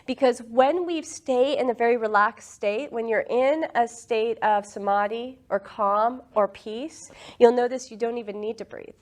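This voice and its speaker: A woman leading a casual spiritual talk about breath and meditation, earnest and quick to laugh. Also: a little high. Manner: laughs often, earnest and enthusiastic.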